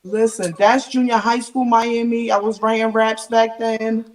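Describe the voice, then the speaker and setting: A woman with a Jamaican accent, a guest rapper in a casual podcast interview, lively and quick to laugh. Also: fairly high pitch. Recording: voice distant from the mic.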